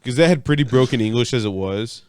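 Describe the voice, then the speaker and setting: A young man co-hosting a podcast, relaxed in casual chat and swearing casually. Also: mid-range voice, fast, clean tone, no echo, clean studio sound. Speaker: podcast co-host.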